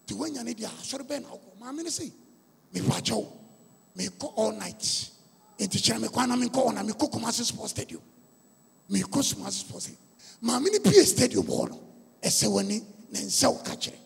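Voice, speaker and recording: A man with a Ghanaian accent preaches a storytelling sermon in a repetitive, emphatic cadence. His voice sits high and swoops wildly in pitch, gravelly with a breathy edge, at a moderate pace. The long reverb of a large hall surrounds him.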